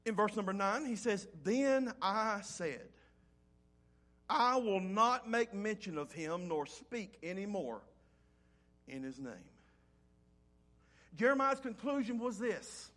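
A man preaching a sermon as pastor, reading scripture aloud and swinging between loud rises and soft, low drops. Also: expressive, takes it slowly, long pauses. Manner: reads scripture in old-fashioned wording.

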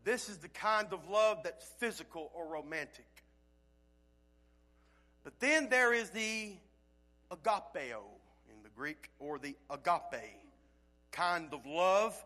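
A male pastor preaching a sermon with folksy phrasing, swinging from loud calls to quiet, low passages. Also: expressive, takes it slowly, pauses often.

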